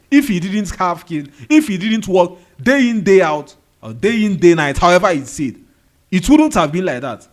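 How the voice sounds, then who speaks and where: A man with a Nigerian accent giving a motivational monologue, firing rhetorical questions and repeating key phrases. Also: high-pitched. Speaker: motivational video host. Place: indoor room with a fan running.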